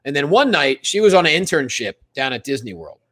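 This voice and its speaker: A man's voice: a little high, very animated, fairly quick, sharp tone. A young man from Pennsylvania, a comedian telling a self-mocking story in a casual podcast chat.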